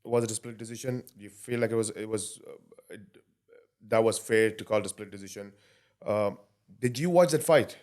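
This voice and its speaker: A male podcast host with a fairly low voice asks his questions in a relaxed, casual way. He talks softly and often trails off before rephrasing what he means. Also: fairly quick. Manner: soft-spoken, trailing off and restarting. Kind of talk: casual interview.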